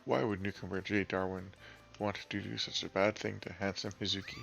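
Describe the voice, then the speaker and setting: A man's voice: fairly low pitch, brisk, vocal fry, a bit bright. A man voicing a theatrical male TV news reporter who delivers gossip as if it were a tragedy. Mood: melodramatic. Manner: overwrought, theatrical.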